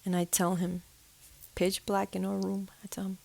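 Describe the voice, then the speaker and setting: A woman telling a personal story in a casual, animated way, mimicking sounds and dropping into whispers for tense moments. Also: lowish voice, normal speed, gravelly, no room sound. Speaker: storyteller of a ghostly experience.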